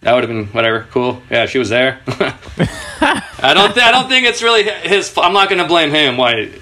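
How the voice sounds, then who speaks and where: Bright-voiced man telling skate stories. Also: sing-song, moderate pace, a little hiss or hum. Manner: laid-back, swears a lot, laughs through stories; raises his pitch a lot when quoting people. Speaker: guest, skateboarder. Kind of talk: casual podcast storytelling.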